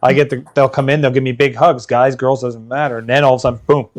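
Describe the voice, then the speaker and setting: A man's voice: mid-range voice, flat delivery, quick pace. A man co-hosting a casual talk show about photography, friendly and chatty. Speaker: co-host, photographer. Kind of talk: casual chat.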